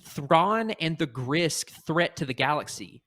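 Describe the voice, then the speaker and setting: Co-hosting a podcast, a North Carolina man in his late twenties chats casually but works himself up into an excitable rant, his voice jumping when he gets heated. He talks slowly, and his voice is on the high side.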